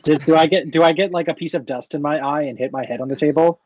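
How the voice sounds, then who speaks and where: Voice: mid-range voice, steady tone, quick pace, a little mellow, dry recording, lo-fi sound. A player in a tabletop game describing a character's actions in a hesitant, stop-start way. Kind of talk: casual tabletop play.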